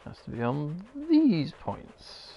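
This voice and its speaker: A man's voice: on the high side, huge pitch swings, takes it slowly, creaky, dark tone, muffled recording. A man giving rambling, casual commentary while playing a game, swearing now and then. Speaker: gamer.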